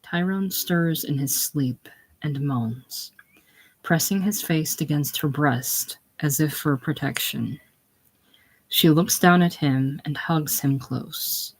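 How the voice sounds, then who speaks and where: A reader giving a casual reading of a play, stating the stage directions plainly and quietly. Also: mid-range voice, slow pace, husky.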